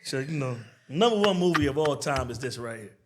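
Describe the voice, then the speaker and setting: A man's voice: mid-range voice, animated, a little fast, background noise. A man co-hosting a podcast in casual chat, rambling and playful, often repeating and restarting his words. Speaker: podcast co-host.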